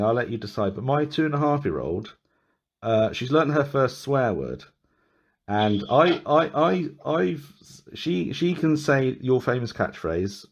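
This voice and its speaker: A man hosting a podcast, chatting casually and rambling with many restarts and small laughs. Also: medium pitch. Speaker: podcast host. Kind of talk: casual chat.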